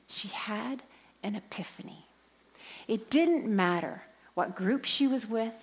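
A woman leading a pilgrimage group, telling a story as a sermon. She swings between lively emphasis and hushed, near-whispered passages. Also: a little high, unhurried. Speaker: Christian speaker and pilgrimage leader.

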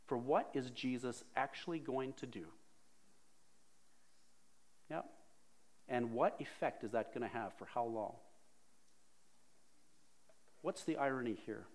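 A male pastor giving a sermon in a plain, middle-pitched voice. He keeps it conversational and asks his congregation questions as he explains. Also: darkish tone.

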